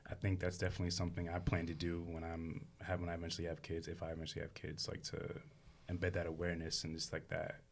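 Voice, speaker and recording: A man's voice: sits low, monotone, fast, creaky. A young man in a casual podcast chat, speaking emphatically and swearing. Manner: emphatic, profane.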